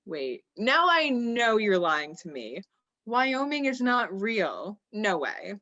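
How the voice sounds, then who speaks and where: A woman's voice: mid-range voice, sing-song, slow, sharp tone, lo-fi sound. A woman hosting a comedy interview, playing a dry, skeptical straight role. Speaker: host.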